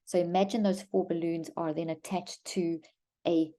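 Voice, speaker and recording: A woman guest in an interview explaining steps for calming children, often restarting her sentences and acting out gentle lines she would say to a child. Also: fairly low pitch, moderate pace. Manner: animated, acts out gentle lines spoken to a child; frequent restarts and repeated words. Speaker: guest expert on mental health.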